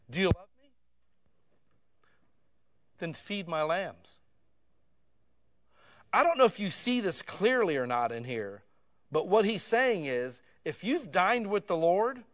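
A man preaching a sermon in a conversational, casual way that swells to loud emotional peaks. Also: sits high.

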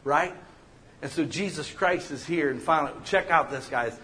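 A man preaching a sermon as pastor, animated and joking, acting out the people he quotes. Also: a little high, moderate pace.

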